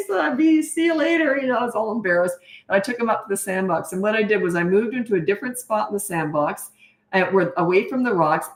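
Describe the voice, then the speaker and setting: A middle-aged woman parenting coach telling a story in a casual Q&A, animated and self-mocking, acting out what people said. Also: mid-range voice, echoey room.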